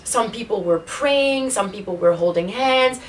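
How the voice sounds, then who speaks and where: A woman's voice: mid-range voice, expressive, unhurried, a little hiss or hum. A woman vlogger telling a personal story in a casual storytime vlog, emotional and full of fillers. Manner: emotional retelling, many fillers.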